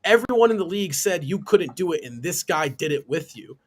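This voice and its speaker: A man's voice: on the high side, very animated, a little fast. A man on a live sports talk stream, ranting emphatically with indignant rhetorical questions. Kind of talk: heated sports opinion rant. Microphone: live stream call.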